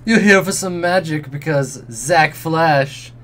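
A man's voice: a little high, takes it slowly, a bit bright, pitched above the performer's own voice. A man voicing a cheerful, worn-down male elf street mage with a hammy German accent for a video game let's play. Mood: showy cheer.

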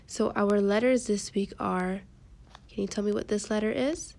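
A woman teaching a kindergarten phonics lesson, sounding out letters slowly and praising the children often. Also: medium pitch, creaky, darkish tone.

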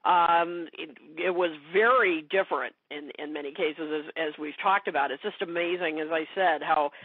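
A woman's voice: sits low, moderate pace, husky, no echo. A woman speaking as a guest expert in a casual interview chat, talking with many fillers and restarts. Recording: dry phone-like call audio.

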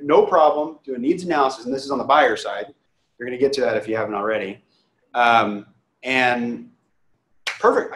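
A man who is a real estate agent, giving a casual training talk and acting out both sides of client conversations. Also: on the high side. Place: training room. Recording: echoey room.

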